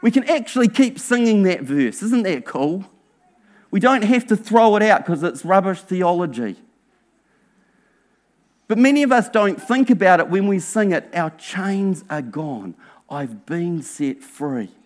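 A man preaching a sermon as pastor, earnest and emphatic, asking rhetorical questions and dropping to a hushed voice at times. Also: high-pitched, sing-song, normal speed, long pauses. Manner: earnest, drops to a hushed near-whisper for emphasis.

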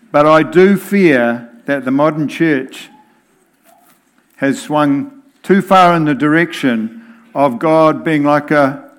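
A man preaching a sermon in a deliberate, emphatic way. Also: medium pitch.

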